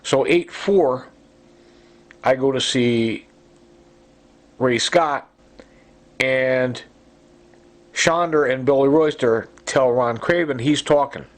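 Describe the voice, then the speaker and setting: A man's voice: mid-range voice, takes it slowly, pauses often. Agitated man ranting into his recorder. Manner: urgent, accusatory, rambling with many fillers. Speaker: self-recorded complainant. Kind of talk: agitated monologue.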